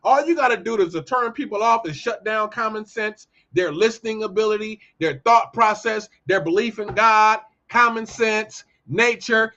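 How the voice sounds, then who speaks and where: Male commentary host, high-pitched, ranting casually, swings between shouting and muttering; muffled lo-fi recording. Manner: heated, ranting, swings from loud outbursts to low muttering. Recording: dull lo-fi audio.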